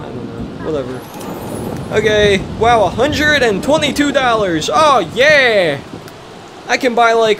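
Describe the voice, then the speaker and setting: A let's play host giving casual gameplay commentary at a computer microphone, excitable, with frequent exclamations and mock scolding. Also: mid-range voice, slight background noise.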